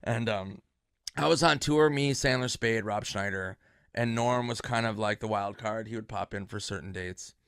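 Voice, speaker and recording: A man who is a comedian, casually telling an animated, profane anecdote and acting out other people's reactions. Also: fairly low pitch, moderate pace, clean tone, no echo, clean studio sound. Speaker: comedian guest.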